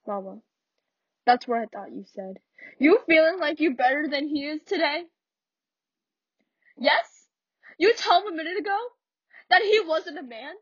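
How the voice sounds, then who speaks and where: A woman's voice: high-pitched, lively intonation, normal speed, pauses often, a bit bright, no room sound, far from the mic, pitched above the performer's own voice. A woman reading the part of a stern older mother who heads her household and questions her daughter in firm reproach, on a slightly muffled recording. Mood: reproachful.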